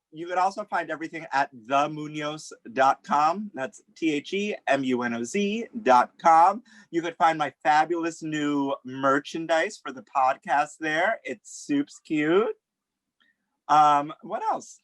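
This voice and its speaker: A man's voice: fairly high pitch, expressive, measured pace, fairly bright tone, no room sound. A man guesting on a podcast over a video call, campy and joking, promoting his work. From Long Island, New York. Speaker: podcast guest, food personality.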